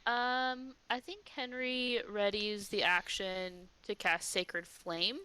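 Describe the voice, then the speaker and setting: A woman's voice: mid-range voice, steady tone, takes it slowly, bright, forceful tone, clear, resonant tone, poor audio. A woman player in a tabletop game, talking hesitantly with lots of ums as she plans her move. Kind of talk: casual tabletop play.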